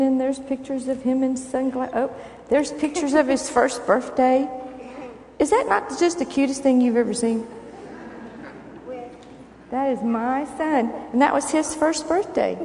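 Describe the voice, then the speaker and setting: Speaking warmly in a high-pitched voice, an older woman asks the children questions and coaxes them along during a children's sermon. The recording comes from an echoey church hall in the sanctuary, with slight background noise.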